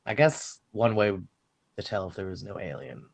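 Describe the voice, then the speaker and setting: A man's voice: fairly low pitch, normal speed, creaky, husky. A man co-hosting a casual podcast, retelling a film scene by scene with swearing and bursts of acted-out lines. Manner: animated storytelling, swearing, acting out lines. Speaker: podcast co-host recapping a film. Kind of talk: casual chat.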